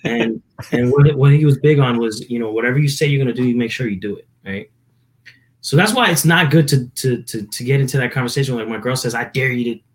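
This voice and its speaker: A man's voice: mid-range voice, quick pace. A young man from New Jersey, a musician guest chatting casually on a podcast, telling stories in a rambling way full of fillers. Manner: rambling, filler-heavy storytelling.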